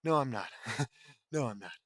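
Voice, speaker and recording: A man's voice: medium pitch, lively intonation, normal speed, a bit bright, no room sound, clean studio sound. A man casually reading a fan fiction story aloud, stumbling over words, swearing and breaking off for joking asides.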